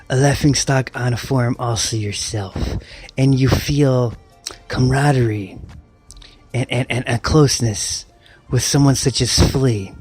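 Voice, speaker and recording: A middle-aged man rants casually in a rambling, mocking way, tripping over his own restarts and swearing freely. His voice sits at an ordinary middle pitch, with faint music playing behind him. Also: darkish tone, husky. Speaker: online commentator. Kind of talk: casual rant.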